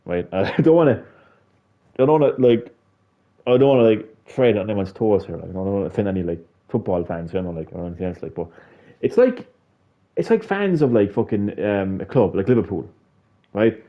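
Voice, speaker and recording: A man's voice: sits low, fairly quick, lo-fi sound. A tired man with an Irish accent, hosting a gaming channel and rambling casually, swearing freely. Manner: rambling, swears freely, mocking quoted voices.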